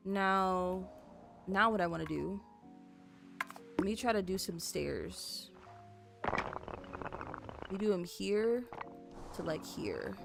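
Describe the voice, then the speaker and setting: A young woman streamer with a medium-pitched voice and vocal fry chats casually with her viewers while building in a game. She rambles, apologizes, and fills her talk with "like" and "you know."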